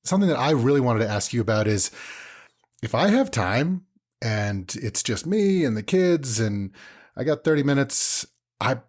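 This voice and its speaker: Lively joking man co-hosting a podcast. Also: normal speed. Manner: lively, jokey, swings pitch when mimicking. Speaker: podcast co-host. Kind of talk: casual podcast chat.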